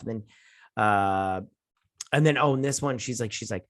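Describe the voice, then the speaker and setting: Recapping an episode in a laid-back review, this young male host drips sarcasm and briefly imitates characters to make fun of their dialogue. His voice sits on the low side, with a bit of brightness.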